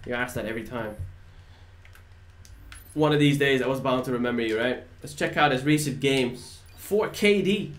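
A man's voice: mid-range voice, fairly even intonation, normal speed, long pauses. A man from the Netherlands, a native Dutch speaker, commenting casually on live gameplay, bantering with chat and swearing now and then. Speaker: game streamer. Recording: roomy echo, faint background noise.

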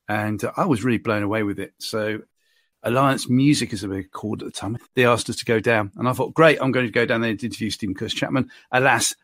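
A man's voice: lowish voice, a bit bright, no echo, studio quality. Chatty man hosting a podcast. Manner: self-deprecating, chatty anecdotes. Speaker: podcast host. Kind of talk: casual storytelling chat.

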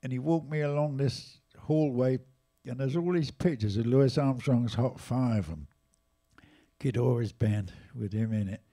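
A man in his eighties with an English accent, casually telling jazz stories at a live museum event, lively and animated in his retelling. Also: mid-range voice, unhurried. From England. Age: 80s. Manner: lively, animated retelling with raised voices for quotes. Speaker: jazz drummer and storyteller guest. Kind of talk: casual anecdotal storytelling.

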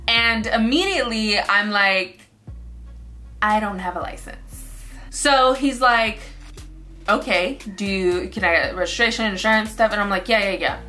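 Bright-voiced young woman telling a story. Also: medium pitch, normal speed, faint music behind. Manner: animated storytelling, acting out quotes. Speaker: vlogger. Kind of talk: storytime vlog.

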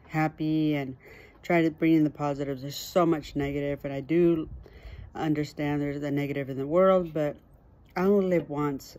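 A woman's voice: deep voice, dark tone. A woman in her fifties talking candidly and cheerfully to camera in a casual vlog, sometimes while eating. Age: 50s. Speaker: vlogger.

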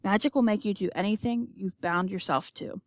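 A woman's voice: medium pitch, brisk, no echo, clean studio sound, lightly acted. A woman reading an audiobook, voicing a fierce, fearless young woman who speaks bluntly in a harsh whisper. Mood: urgent.

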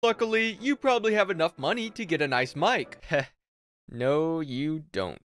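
A man's voice: on the high side, normal speed. Sarcastic male video-essay narrator. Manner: sarcastic, deadpan punchlines.

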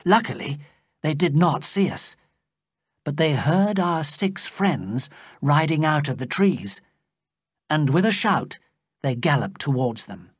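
A narrator reading a graded story aloud slowly and plainly for English learners. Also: no room sound, clean studio sound. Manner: slow, clear storytelling with lively pitch. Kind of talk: slow scripted audiobook narration for English learners.

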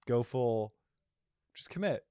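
Teasing, lively-voiced podcast host. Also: male voice, medium pitch, clear, resonant tone, no echo, clean studio sound. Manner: quick reactions, teasing. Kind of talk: casual podcast chat.

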